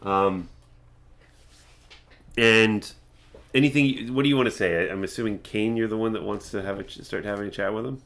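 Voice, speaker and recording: A man's voice: on the low side, normal speed, long pauses, a bit bright. A man acting as game master, describing scenes in a meandering way and restarting his sentences.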